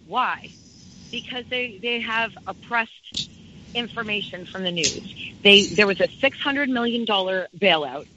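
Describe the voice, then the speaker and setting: A woman's voice: medium pitch, lively intonation, unhurried, highs cut off, noisy background. A woman speaking as a campaign organizer, talking with passion and emphasis and repeating her key phrases. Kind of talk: impassioned interview talk.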